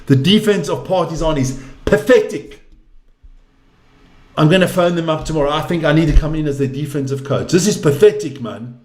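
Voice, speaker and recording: A man's voice: on the high side, normal speed. A man giving casual live commentary on a basketball game, exasperated and ranting, swearing freely. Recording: echoey room.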